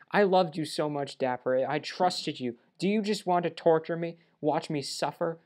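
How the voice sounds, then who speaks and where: A man with a fairly high, lightly acted voice reads the lines of Monika, an obsessive, lovestruck young woman from a game, during a let's play. He keeps his own voice, makes small stumbles, and the mood is heartbroken.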